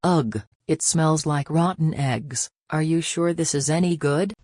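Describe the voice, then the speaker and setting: A woman voicing a sharp-tongued, vain woman. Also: sits low, unhurried, no echo, studio quality. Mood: scornful. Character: brash, self-absorbed woman. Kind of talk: fan cartoon voice acting.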